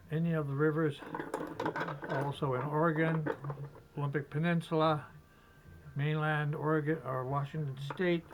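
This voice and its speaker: A man demonstrating fly tying step by step, chatty and relaxed, talking to himself as he works. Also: fairly high pitch, slight background noise, low-quality recording. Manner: chatty, talks to himself while working, chuckles.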